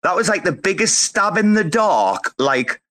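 A man's voice: sits high, very animated, a little slow, pushed and bright. A man with a North East English accent hosting a casual chat, bantering and swearing freely. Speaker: host.

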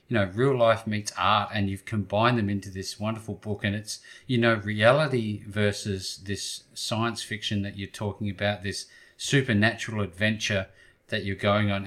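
Low-voiced man hosting an interview. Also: a bit bright. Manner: encouraging, short backchannel replies. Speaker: podcast host. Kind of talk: interview host.

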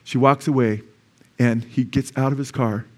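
A man's voice: medium pitch, fairly even intonation, moderate pace. Conversational preaching pastor, man. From California. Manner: conversational preaching with frequent asides; exclaims praise loudly. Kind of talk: sermon.

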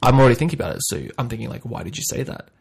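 A man with a gravelly, husky voice hosts a casual podcast chat. He acts out little scenes playfully, jumping between hushed asides and loud bursts. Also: mid-range voice, animated, very fast. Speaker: podcast host.

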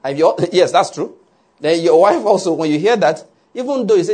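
A man preaches with a slightly high, husky voice. His delivery is animated and keeps checking that the congregation follows along. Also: a little fast. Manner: animated preaching, asks "are you getting my point?" often. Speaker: pastor. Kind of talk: sermon.

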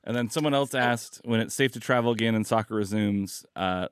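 A man co-hosting a casual podcast chat, telling stories in a relaxed, laid-back way. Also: lowish voice, fairly quick, clear, resonant tone, no room sound, studio quality.

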